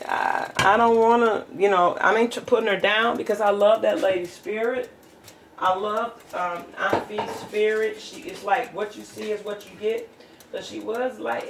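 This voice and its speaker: A woman's voice: medium pitch, vocal fry, background noise. A middle-aged woman vlogging from her home kitchen, telling rambling stories in a chatty, casual way. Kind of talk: casual chat.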